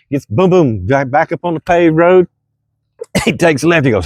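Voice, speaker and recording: A middle-aged man, telling a true story from his childhood in a folksy, animated way with loud exclamations. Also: a little high, moderate pace, dry recording, clean studio sound. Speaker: storyteller vlogger. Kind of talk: casual storytelling.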